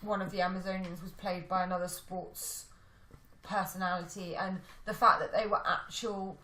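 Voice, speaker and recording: A woman's voice: fairly low pitch, level tone, normal speed, pushed and bright. A woman chatting casually about films as a podcast co-host, thinking aloud and apologising for rambling. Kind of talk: casual film chat. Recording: echoey room.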